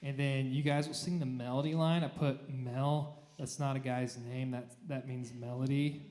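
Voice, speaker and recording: A man's voice: mid-range voice, fairly even intonation, moderate pace, darkish tone. A man leading choir rehearsal, talking through notes and singing short phrases to demonstrate. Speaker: choir director. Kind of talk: rehearsal instruction. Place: church room. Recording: echoey room.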